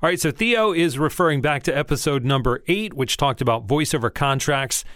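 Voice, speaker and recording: A man's voice: on the high side, lively intonation, a little fast, a bit bright, dry recording, clean studio sound. A man hosting a podcast, talking to listeners in an upbeat, direct, casual way. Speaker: podcast host. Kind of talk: podcast monologue.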